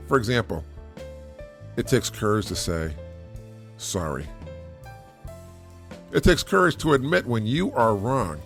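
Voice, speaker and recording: A middle-aged man hosting a solo parenting podcast. He talks in an earnest, repetitive way, laughs often and restarts his sentences. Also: mid-range voice. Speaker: podcast host, single father.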